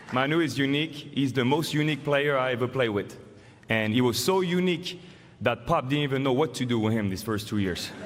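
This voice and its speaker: A man in his forties with a French accent, giving an acceptance speech in a casual, halting way with fillers. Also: medium pitch, fairly bright tone. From France. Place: large arena stage. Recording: long hall reverb, faint noise.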